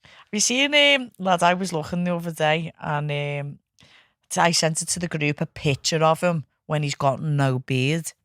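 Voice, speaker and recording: A woman's voice: deep voice, animated, moderate pace, fairly bright tone, no echo, clean studio sound. A woman, a podcast guest, chatting and laughing with plenty of swearing. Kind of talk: casual banter.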